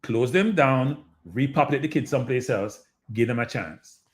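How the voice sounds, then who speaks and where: A man's voice: medium pitch, moderate pace. Jamaican man talking straight to his audience. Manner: animated, repetitive, addresses audience as people. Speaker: show host. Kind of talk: casual live-stream commentary.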